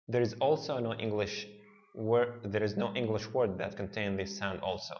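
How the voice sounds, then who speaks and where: A man who speaks Arabic natively, teaching an alphabet lesson in English and sounding out each letter slowly and deliberately. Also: mid-range voice, a bit bright, lo-fi sound. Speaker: language teacher.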